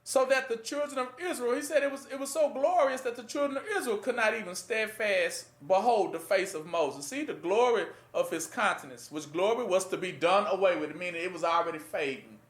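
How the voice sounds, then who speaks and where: A man teaching scripture in a casual sermon, often pausing to ask listeners to fill in the last word. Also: high voice, fairly bright tone. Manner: rhetorical fill-in-the-blank questions to listeners; conversational, plain-spoken. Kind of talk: informal Bible teaching sermon. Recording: echoey room.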